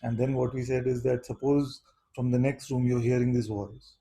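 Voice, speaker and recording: A man teaching seekers at a satsang in a soft, dark, slightly husky voice. He speaks at an unhurried pace and keeps turning his points into questions, often asking "you see?". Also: medium pitch, little pitch movement, poor audio. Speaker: spiritual teacher.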